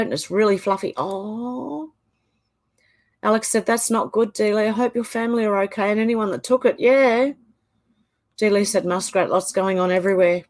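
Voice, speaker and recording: An Australian woman at a mid-range pitch runs a relaxed live-stream chat. She reads viewers' comments out one after another and adds quick, chatty reactions between them. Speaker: channel host.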